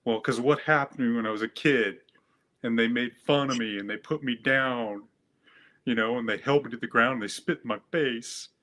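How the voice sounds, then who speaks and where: A man's voice: medium pitch, normal speed, a bit bright, lightly acted. A man voicing a mean, hurt inner monster. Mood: resentful. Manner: accusing, then wounded.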